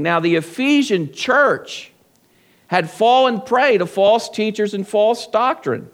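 Gravelly-voiced male pastor preaching. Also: high voice, animated, slow pace, fairly bright tone. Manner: preaching with rhetorical questions. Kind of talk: sermon. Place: church service.

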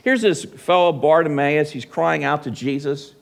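Gravelly man preaching a sermon. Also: fairly high pitch, moderate pace, hardly any pauses. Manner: earnest, rhetorical questions to listeners.

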